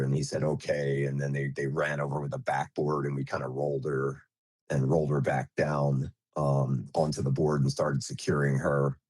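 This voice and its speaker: A man who is a nurse, recounting an emergency as an interview guest in a halting way, with many fillers and restarts. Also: very deep voice, darkish tone, husky, no echo.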